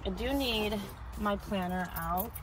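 Speaking slowly in a medium pitch over background noise, this young woman in her twenties vlogs from her car and later by a bookshelf at home. She's breathless yet upbeat and casual, with plenty of fillers.

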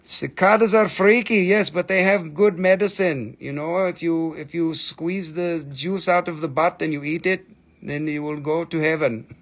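Man, live-stream seller, gravelly, slightly high voice, playful, jokey, hamming it up. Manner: playful, joking, slips into put-on broken-English voices. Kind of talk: live-stream sales chat.

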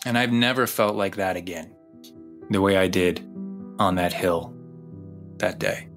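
Low-voiced man telling a confessional story. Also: creaky, fairly bright tone, faint music behind. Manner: intimate, confessional storytelling, slows down on key phrases. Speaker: podcast host. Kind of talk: personal narration over music.

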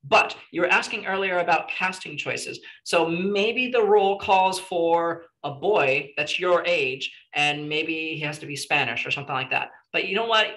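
Bright, chatty male workshop teacher. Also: fairly high pitch, normal speed, hardly any pauses, rough recording. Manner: chatty and encouraging, many "you know"s. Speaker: librarian teaching a screenwriting workshop. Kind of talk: casual teaching to a small live group.

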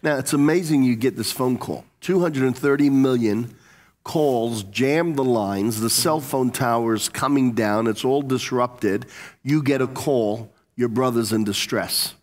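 A man's voice: mid-range voice, a little slow. Man asking short questions in a reverberant hall. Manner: short prompting questions and comments. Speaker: interviewer. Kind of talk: church interview.

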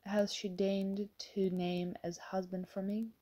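A woman reading the lines of a meek young laundress, soft and faltering. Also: medium pitch, level tone, slow. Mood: timid.

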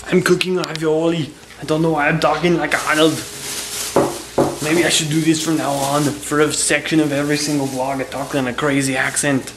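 A man doing a brawny male action hero with a thick Austrian accent, in a booming, clipped, movie-tough delivery. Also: flat delivery, normal speed, vocal fry, pauses often, reverberant, heavy background noise. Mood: playful.

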